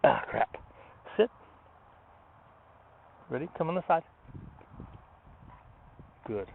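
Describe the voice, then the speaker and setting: A man training his dog outdoors, talking himself through it in a relaxed way between short commands to the dog. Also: on the high side, drawn-out words, vocal fry. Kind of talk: casual training explanation. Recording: tinny phone-like, noisy outdoors.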